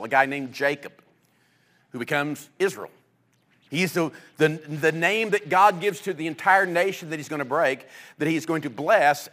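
A man delivers a sermon, his voice sitting a little higher than most men's. He tells the stories with energy and acts out the voices of the people in them. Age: adult with children. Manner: animated storytelling, acting out quoted voices. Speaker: pastor.

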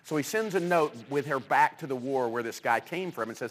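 A man preaching a sermon, telling stories with lively energy and acting out the people he quotes. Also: medium pitch, a little fast, few pauses. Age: adult with children. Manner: animated storytelling, acting out quoted voices. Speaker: pastor.

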